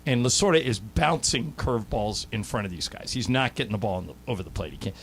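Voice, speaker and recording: A man hosting a sports radio show, telling anecdotes in a casual, animated way into a studio microphone. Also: mid-range voice, fast talker, a little hiss or hum. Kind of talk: casual sports talk storytelling.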